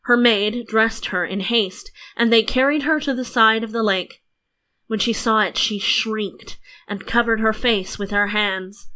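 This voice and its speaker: A woman narrating a fairy tale audiobook in an even storytelling manner. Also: fairly high pitch, a little slow.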